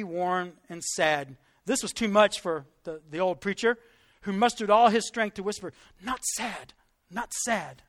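A man's voice: sits high, fairly bright tone. An older man preaching a sermon with earnest, building fervor, then leading a prayer. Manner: earnest, builds to fervent emphasis.

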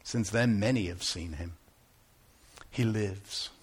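An actor playing an aging biblical shepherd, telling his story earnestly, moving between hushed tones and exclamations. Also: fairly low pitch, slow, breathy edge. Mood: awed. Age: older. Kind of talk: first-person dramatic monologue.

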